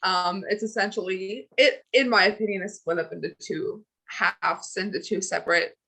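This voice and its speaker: Bright-voiced chatty woman podcaster. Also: mid-range voice, moderate pace, vocal fry, breathy edge, low-quality recording. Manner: giggly, chatty, lots of fillers. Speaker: podcast co-host. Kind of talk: casual chat.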